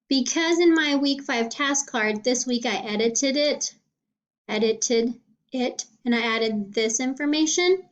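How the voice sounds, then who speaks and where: A woman cosmetology teacher casually walking through her weekly lesson planning, often checking in with "okay?". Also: a little high. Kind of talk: casual screen walkthrough. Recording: dull lo-fi sound.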